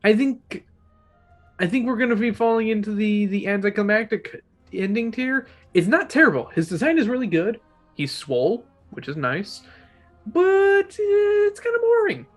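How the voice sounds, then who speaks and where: Casual book reviewer, rambling, opinionated, frequent restarts, mid-pitched voice, faint music behind. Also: lively intonation, normal speed, a bit bright. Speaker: book club host.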